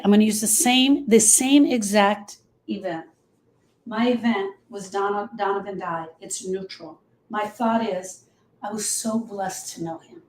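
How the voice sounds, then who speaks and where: A woman's voice: mid-range voice, a little mellow, reverberant, poor audio. A woman grief coach teaching on a live show, emphatic and repetitive, speaking straight to her listeners.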